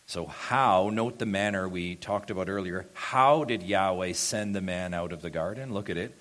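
Deep-voiced man preaching a sermon. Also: unhurried. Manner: expository preaching, swells loud and high for emphasis then drops low. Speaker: pastor.

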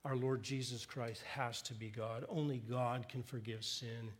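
A man preaching a sermon, retelling a story in earnest, his voice swelling with emphasis and dropping low and hushed for quoted words. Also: fairly even intonation, a little slow. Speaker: pastor.

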